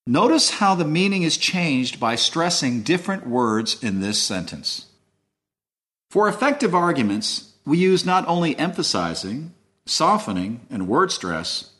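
Lively-voiced man narrating a lesson. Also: medium pitch. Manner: measured, explanatory. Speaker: host.

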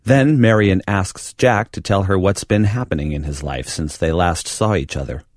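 A man reading an English lesson script in a clear, deliberate teaching voice. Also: low-pitched, no echo, clean studio sound. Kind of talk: scripted language-lesson narration.

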